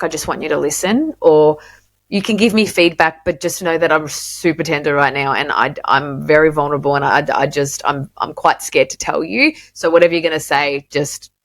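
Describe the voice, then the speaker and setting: A woman hosts a candid podcast conversation in a fairly low voice. She speaks earnestly and openly and slips into bright quoted voices when she retells moments. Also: no echo. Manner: earnest and open, quotes herself in lively voices. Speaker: podcast host. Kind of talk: casual candid chat.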